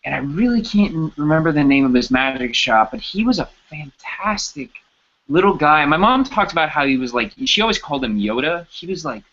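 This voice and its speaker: A man's voice: fairly high pitch, lively intonation, fairly quick, a bit bright, dull audio. A man from Texas, a guest actor, telling a rambling, self-deprecating story in a casual interview. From Texas, USA.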